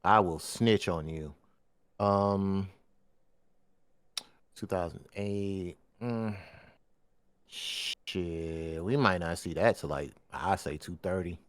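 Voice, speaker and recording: A man's voice: low-pitched, takes it slowly, pauses often, no room sound. A man co-hosting a casual gaming podcast, talking bluntly in slang and cracking jokes. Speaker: podcast co-host.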